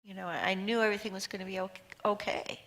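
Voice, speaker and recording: A woman speaking as a guest on a church talk show, soft, calm and hesitant. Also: medium pitch, fast, rough recording.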